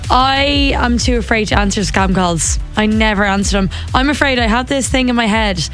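A woman's voice: on the high side, normal speed, a bit bright, soft background music. A woman co-hosting a radio show, talking in a candid, nervous way. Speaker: radio co-host. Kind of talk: casual radio chat.

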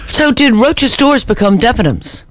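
A woman's voice: on the high side, lively intonation, normal speed, no echo. A woman co-hosting a breakfast radio show, chiming in with brief teasing remarks. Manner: brief teasing reactions and interjections. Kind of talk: casual radio chat.

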